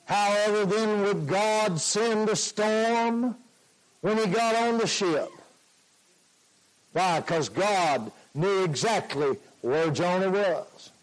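A man preaching a sermon, slow and emphatic, repeating his points. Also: high voice, low-quality recording.

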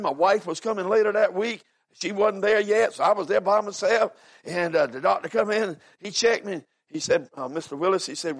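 A man, preaching a sermon with fervent swings from hushed storytelling to shouted cries, often calling out "amen.". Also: sits high. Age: 70s. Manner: peppers talk with "amen" and "are you listening". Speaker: visiting preacher.

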